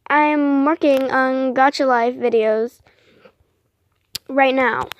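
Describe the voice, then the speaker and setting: A young woman with a high-pitched voice vlogs casually on a dry recording. She rambles and apologizes a lot, using many fillers, with excitable bursts along the way.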